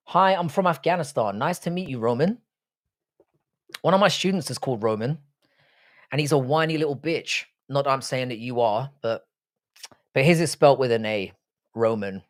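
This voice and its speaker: A young man, Irish but raised in London, with a London accent, casually hosting a live stream and answering chat in a blunt, sardonic, sweary way. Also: medium pitch. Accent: London English. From Ireland, raised in London. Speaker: livestream host reading chat.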